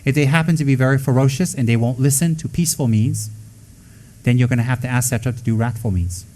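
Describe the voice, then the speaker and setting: A man's voice: mid-range voice, fast, darkish tone. A man in a mid-range voice gives a loose, unscripted Buddhist teaching. He talks bluntly and with emphasis, asks rhetorical questions and answers them himself, and drops in teasing jokes. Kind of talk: informal dharma talk.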